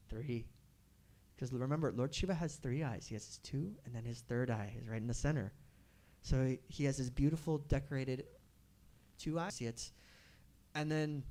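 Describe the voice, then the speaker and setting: A man telling a devotional story to a live audience at a temple gathering, animated and asking the audience questions. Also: sits high.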